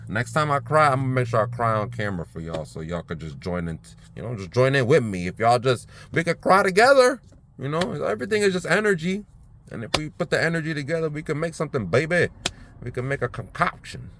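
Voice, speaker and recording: A man talking to his phone camera in an outdoor park by the water, in a relaxed, rambling vlog full of fillers. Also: mid-range voice, fast talker, slight background noise. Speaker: vlogger.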